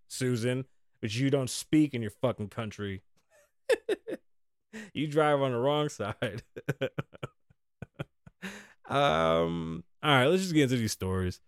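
A man's voice: mid-range voice, dry recording, studio quality. A young man hosting a casual news podcast, ranting sarcastically with heavy swearing and mocking asides. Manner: profane, rambling, sarcastic rants with mocking asides. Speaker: podcast host.

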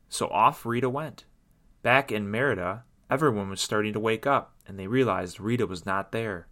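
A man reading a children's story aloud in an expressive, sing-song storytelling way. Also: fairly low pitch, normal speed.

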